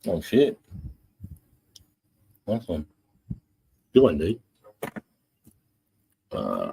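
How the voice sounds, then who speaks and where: A very deep-voiced Australian man in his forties talks casually on a livestream, swearing freely. He reads out the chat and greets viewers as brother in a blunt, friendly way. The sound is close and dry, with no room around it. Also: huge pitch swings, extremely slow, creaky, pauses often, dark tone, husky, no room sound, low-quality recording. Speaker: livestream host reading chat.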